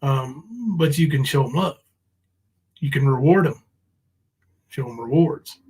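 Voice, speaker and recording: A man's voice: medium pitch, animated, measured pace, darkish tone, slightly rough, rough recording. A man ranting on a livestream, confrontational and profane, full of ums and restarts. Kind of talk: casual livestream rant.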